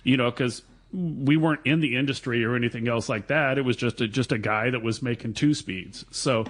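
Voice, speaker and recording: A man's voice: mid-range voice, a little fast. A man, a guest on a fishing radio show, telling a long-winded story in a casual, chatty way. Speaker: guest reel builder.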